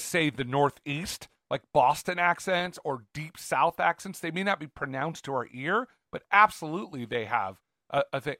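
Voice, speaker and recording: A man from Northern California co-hosting a podcast, telling stories in an animated, rambling way. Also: a little high, no echo, studio quality. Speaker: podcast co-host. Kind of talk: casual chat.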